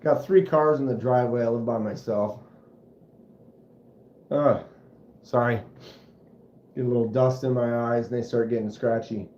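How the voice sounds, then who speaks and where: A man hosts a relaxed livestream, telling meandering stories and acting out engine sounds along the way. His voice sits in a roomy space and comes through a little dull and muffled. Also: medium pitch, moderate pace, long pauses, slight background noise. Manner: rambling, animated storyteller who mimics engine sounds. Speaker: livestream host. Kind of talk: casual livestream chat. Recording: roomy, slightly dull home stream audio.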